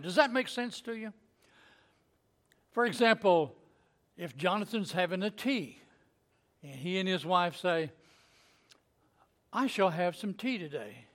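Male preacher with a high voice, folksy and joking, delivering a Sunday sermon. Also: fairly bright tone. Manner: folksy, joking asides with chuckles.

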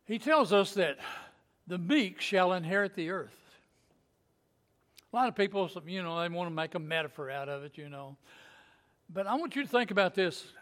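Male preacher with a high voice, folksy and joking, delivering a Sunday sermon. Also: animated, moderate pace, pauses often, fairly bright tone. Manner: folksy, joking asides with chuckles.

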